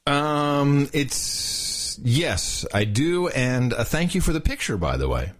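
A man co-hosting a podcast in casual chat, reading listener notes and birthday shout-outs, loose and joking and stumbling over names. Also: mid-range voice, sing-song, slow pace. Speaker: podcast co-host.

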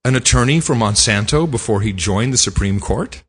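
A man co-hosting a podcast, telling stories in a casual, animated and indignant way. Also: mid-range voice, normal speed, husky, long reverb tail. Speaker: podcast co-host. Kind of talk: casual chat.

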